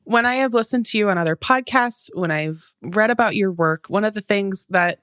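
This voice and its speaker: Candid, animated woman podcast host. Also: mid-range voice, normal speed, no echo, clean studio sound. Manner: candid, animated storytelling with casual swearing. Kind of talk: conversational interview.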